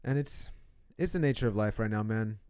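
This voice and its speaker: A man's voice: on the low side, fairly quick, clean tone, no room sound, studio quality. A man hosting a live streamed podcast in casual chat, loose and slangy, talking to a microphone. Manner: loose, animated, slangy, swears.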